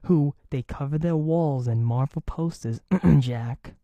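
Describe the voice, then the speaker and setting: A man's voice: fairly high pitch, slow pace, mellow, no echo, highs cut off. A young man from Brooklyn, chatting as a podcast host. He swears a lot and swings his voice up and down. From Brooklyn, New York. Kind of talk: casual chat.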